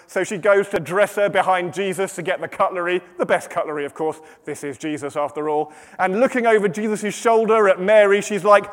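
A British man preaching a sermon, telling a story in a lively way and then dropping to hushed, slow dramatic pauses. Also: high voice. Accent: British English. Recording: long hall reverb.

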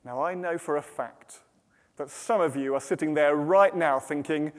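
A British man preaching a sermon, telling a story in a lively way and then dropping to hushed, slow dramatic pauses. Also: fairly high pitch. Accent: British English. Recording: long hall reverb.

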